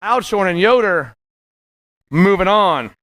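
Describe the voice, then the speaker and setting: A man calling live races as the announcer, excited and punchy, rattling off names and nicknames. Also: high voice, takes it slowly, dry recording, studio quality. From USA. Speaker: race announcer. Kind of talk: live race commentary.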